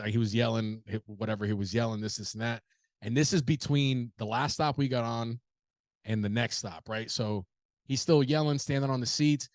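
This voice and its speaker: A man's voice: mid-range voice, no room sound, studio quality. A man telling a rambling, profane story in a casual podcast monologue, full of restarts. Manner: profane, rambling, animated anecdote with many restarts. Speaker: podcast host.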